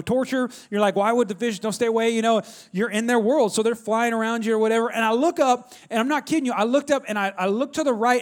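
A middle-aged man preaching a sermon, telling a story in an animated way and calling out to the congregation. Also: extremely high pitch. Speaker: pastor.

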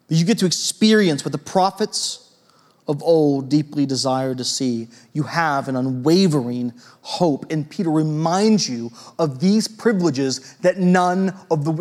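A man preaching a sermon in a church, conversational and lively, with a storytelling manner and frequent asides to his listeners. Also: on the high side. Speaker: pastor.

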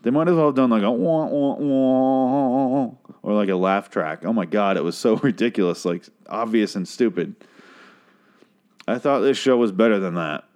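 A man's voice: lowish voice, animated, fairly quick. A man casually recapping a TV episode, rambling, sarcastic and swearing freely.

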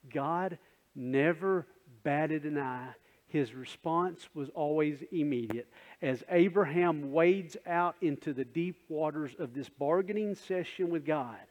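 Conversational preacher in a reverberant sanctuary. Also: male voice, a little high, slow pace, a little mellow. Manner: conversational, asks the congregation questions, acts out scenes. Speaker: pastor. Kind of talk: sermon. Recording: dull sound with long hall reverb.

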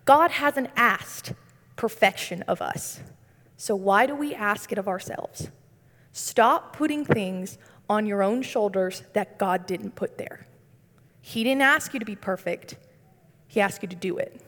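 A woman's voice: mid-range voice, animated, slow pace, fairly bright tone. A young woman giving a conversational sermon, earnest and sprinkled with light humorous asides. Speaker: speaker giving a devotional. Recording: long reverb.

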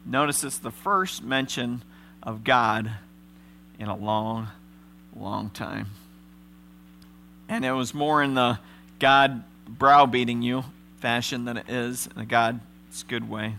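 A man pastor preaching a sermon in a conversational, animated storytelling way. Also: medium pitch, unhurried, long pauses, a little hiss or hum. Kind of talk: sermon with scripture reading.

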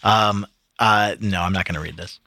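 A man chatting casually with friends on a podcast, wry and bookish, reading literature aloud with slow dramatic emphasis. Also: fairly low pitch, fairly even intonation, sharp tone, dry recording. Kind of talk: casual chat among friends.

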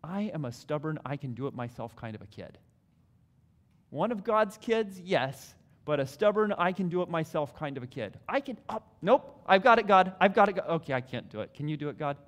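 A man preaching a sermon in a hall, animated, acting out prayers in different voices. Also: a little high, fairly quick. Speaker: pastor. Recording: long hall reverb.

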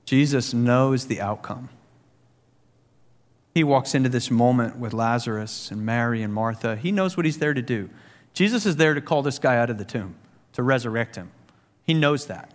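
A man preaching a sermon as pastor, earnest and full of rhetorical questions, growing animated as he tells stories. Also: mid-range voice, moderate pace. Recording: long hall reverb.

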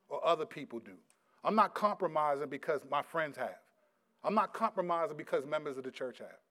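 A middle-aged male pastor preaching a sermon, reading scripture loudly and slowly, then dropping into quiet, casual stories about his sons. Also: on the high side. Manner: swings from loud emphatic scripture reading to quiet storytelling.

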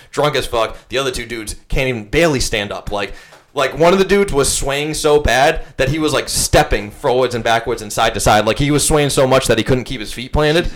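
Young male podcast host, quick, loose, rambling storyteller who swears a lot and laughs often. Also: medium pitch, a bit bright. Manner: rambling anecdote with frequent likes and profanity. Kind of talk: casual storytelling chat.

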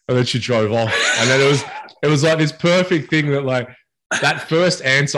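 A man co-hosting a podcast, telling a story casually with a relaxed, rambling manner. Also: mid-range voice, brisk. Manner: relaxed, rambling anecdotes with fillers. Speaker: podcast co-host.

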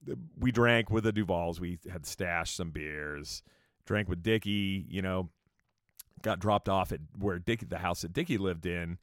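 A man's voice: sits low, unhurried, no room sound, clean studio sound. A man telling casual, profane tour stories in a rambling way with joking asides. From California. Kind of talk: casual storytelling monologue.

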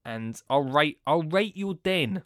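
A man's voice: on the high side, animated, slow pace, no room sound, studio quality. Rambling man, chatty podcast host. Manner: rambling, chatty, jumps between loud and hushed. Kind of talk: casual chat.

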